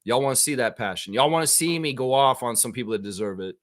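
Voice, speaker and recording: A man hosting a live basketball stream, chatting casually and reacting excitedly to viewer comments. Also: medium pitch. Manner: animated, excitable, quick to laugh at his own bits. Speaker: livestream basketball show host.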